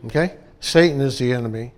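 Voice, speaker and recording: A man's voice: mid-range voice, fast, darkish tone. A pastor from upstate New York delivering a conversational sermon to his church, often checking in with the congregation by asking "okay?" and "amen?".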